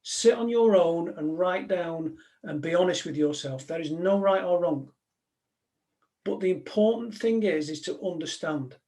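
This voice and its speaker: A man's voice: high-pitched, unhurried, dark tone. A man, a former police negotiator, giving a live talk to an audience in a direct, conversational way, full of anecdotes.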